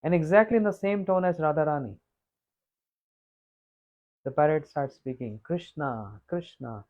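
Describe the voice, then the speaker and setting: A man telling a devotional story as a monk, unhurried and repetitive, often clearing his throat. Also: on the high side, lively intonation, darkish tone, dull audio. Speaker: monk giving a scripture talk. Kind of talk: sermon storytelling.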